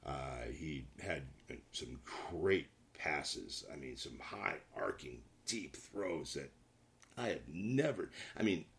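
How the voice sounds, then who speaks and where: Very deep-voiced man rambling about football. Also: lively intonation, slow pace. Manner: rambling, many restarts and fillers, emphatic. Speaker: show host, sports analyst. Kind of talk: casual solo sports talk.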